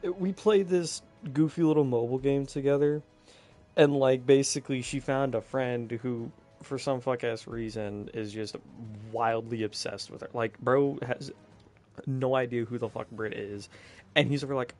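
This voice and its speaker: A man's voice: mid-range voice, normal speed, darkish tone, soft background music. Young man telling a slangy story. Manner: slangy, swears a lot, laughs often between lines. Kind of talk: casual storytelling chat.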